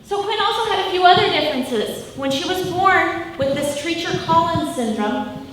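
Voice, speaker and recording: A woman's voice: extremely high pitch, animated, moderate pace. A woman in her thirties, a mother speaking to schoolchildren in a school hall. She tells stories and keeps asking the children questions. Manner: interactive, asks the children many questions. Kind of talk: storytelling talk to schoolchildren. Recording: echoey hall from far off, faint noise.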